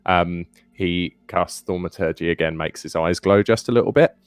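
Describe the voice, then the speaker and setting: A man with a very low voice, playing a tabletop game. He speaks in a measured, deliberate way. His voice is dry and close, with faint music behind. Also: smooth, dry recording. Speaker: player. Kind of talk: casual tabletop play.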